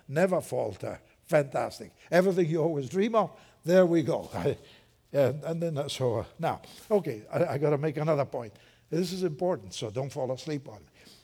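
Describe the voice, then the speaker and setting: Older male preacher with a slightly high, mellow voice, chatty and joking from the pulpit. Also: breathy edge. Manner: lively, conversational, joking asides. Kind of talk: sermon.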